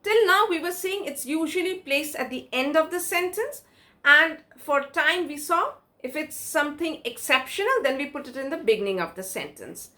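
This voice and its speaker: A woman's voice: sits high, expressive, normal speed, bright, forceful tone. A woman with an Indian English accent teaching a grammar lesson, asking questions and answering them herself.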